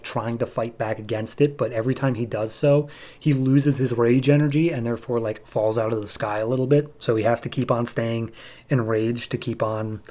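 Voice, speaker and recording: A man of middling pitch, chatting his way through a comic book recap in a loose, filler-heavy way. He moves fast from one beat to the next as a podcast host. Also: a little mellow.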